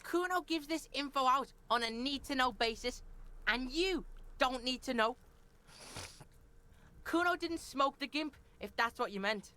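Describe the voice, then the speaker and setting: A man's voice: very high-pitched, animated, unhurried, long pauses, bright, forceful tone, a little hiss or hum, pitched above the performer's own voice, full character voice. A man voicing a cocky, hostile street boy in a put-on Scouse accent who swears constantly and talks about himself in the third person. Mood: sneering. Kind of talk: live game voice-over.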